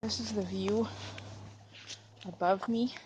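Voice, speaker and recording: A young woman talks to her handheld camera as she hikes through a forest at dusk, chatty and giggly. She is slightly out of breath from walking, her voice sitting in a middling pitch. Faint outdoor air hums softly behind her. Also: fairly even intonation, slow, slight background noise. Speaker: vlogger. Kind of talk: casual vlog narration while walking. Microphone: handheld camera while walking.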